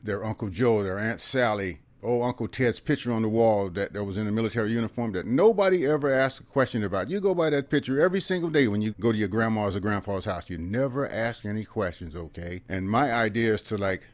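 Older man telling stories, low and dry. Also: animated, fast, few pauses, no echo. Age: 70s. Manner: folksy, earnest, drops into quiet asides. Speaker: guest, veteran and organizer of a history project. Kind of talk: conversational storytelling.

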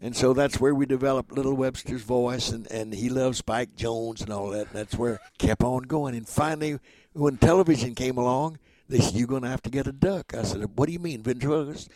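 A man's voice: medium pitch, a little fast, a little mellow, no room sound. Folksy older man telling stories. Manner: folksy rambling storyteller, repeats words, chuckles. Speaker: guest, ventriloquist and entertainer. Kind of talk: interview storytelling.

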